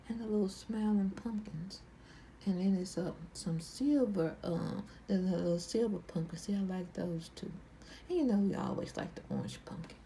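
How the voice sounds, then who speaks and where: A woman hosting a quilting vlog, casually showing her fabric pieces in a slow, rambling way and often repeating herself. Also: mid-range voice, dark tone, a little hiss or hum, poor audio. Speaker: quilting channel host. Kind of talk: casual show-and-tell vlog.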